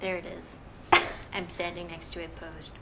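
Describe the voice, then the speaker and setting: A woman's voice: fairly low pitch, level tone, a little slow, heavy background noise. A woman co-hosting a podcast, chatting casually, laughing often and trailing off mid-sentence. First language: Vietnamese heritage, speaks English. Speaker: podcast co-host. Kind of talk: casual chat.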